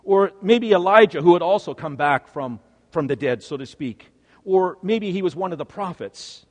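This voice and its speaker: Brief: male preacher, high expressive voice, dramatic sermon storytelling. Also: normal speed, big-room sound. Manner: dramatic storytelling, swings from hushed to emphatic.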